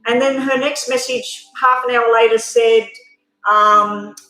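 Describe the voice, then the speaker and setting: Live-stream tarot host: woman, higher voice, candid and emotional chat, recorded in a roomy echo. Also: steady tone, slow pace, bright, forceful tone, faint music behind. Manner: addresses viewers directly. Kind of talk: casual live-stream chat and card reading. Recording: echoey room.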